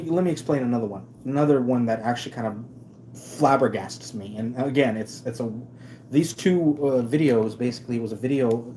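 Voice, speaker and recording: A man with a mellow, warm voice rants on his live stream, sarcastic and emphatic, stumbling over restarts as he goes. Faint noise hums behind him. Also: medium pitch. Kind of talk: casual ranting commentary.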